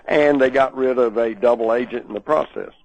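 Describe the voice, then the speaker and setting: A man's voice: medium pitch, a little fast, low-quality recording. A man talking as a guest on a talk radio show, rambling with many fillers and restarts. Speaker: guest researcher.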